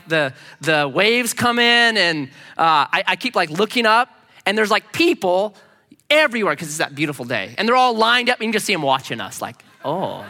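A male pastor giving a sermon, telling a personal story in an animated way and acting out the voices of the people in it. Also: high-pitched, big-room sound.

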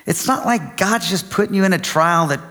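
A middle-aged man preaching a sermon, telling a personal story with animated delivery and acting out heated quotes. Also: sits high, normal speed. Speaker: pastor. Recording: long reverb of a large hall.

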